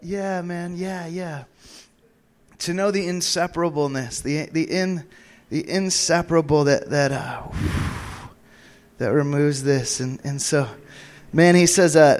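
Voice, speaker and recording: Young male preacher, high voice, charismatic sermon style, rambling, laughs and whoops between points. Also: takes it slowly. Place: church meeting room.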